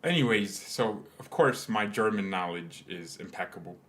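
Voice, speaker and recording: A man's voice: on the low side, animated, moderate pace, fairly bright tone. A man hosting a live fan watchalong, mixing match commentary with joking, rambling banter. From United States. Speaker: fan channel host.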